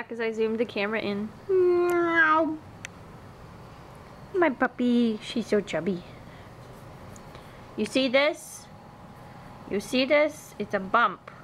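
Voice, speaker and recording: A woman's voice: mid-range voice, fairly bright tone, slight background noise, rough recording. A woman vlogging, talking playfully to her dog in a sing-song baby-talk voice.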